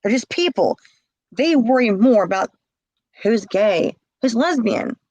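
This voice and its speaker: Slow-talking impassioned woman, dry sound. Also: a little high, expressive, darkish tone, dry recording, poor audio. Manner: impassioned, repeats herself, acts out quoted calls. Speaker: interviewee. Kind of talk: emotional personal account.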